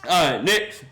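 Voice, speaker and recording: A man's voice: fairly high pitch, sharp tone. A man hosting a casual football rant, laughing often and mocking the teams in a loose, slangy way. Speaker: football commentary vlogger.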